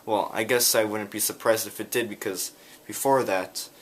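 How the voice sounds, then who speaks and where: A man telling a rambling story in a casual vlog, talking in quick bursts. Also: on the low side, steady tone. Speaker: vlogger.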